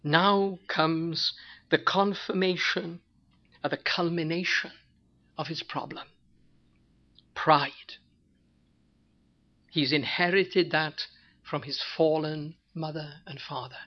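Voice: mid-range voice, steady tone, slow, pauses often. Emphatic preacher on a dull recording. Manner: rhetorical questions and emphatic repetition. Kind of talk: sermon.

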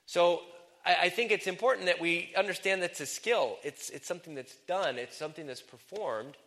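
Bright, lively male preacher. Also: normal speed, long reverb tail. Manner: animated and joking, with wide swings in pitch and loudness. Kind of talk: sermon.

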